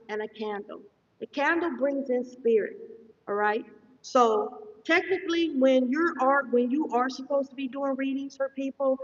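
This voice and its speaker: A woman giving a live-streamed meditation lesson as a spiritual teacher, talking fast and checking in with her listeners often. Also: on the high side. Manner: fast-talking, says so herself; instructive, checks in often with "okay?". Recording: distant, echoey, dull sound.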